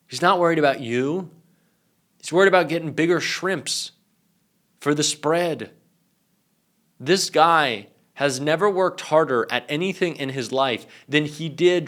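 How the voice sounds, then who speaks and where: A young man delivering political commentary with indignant emphasis. His voice is bright and forceful, hammering each point. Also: a little high.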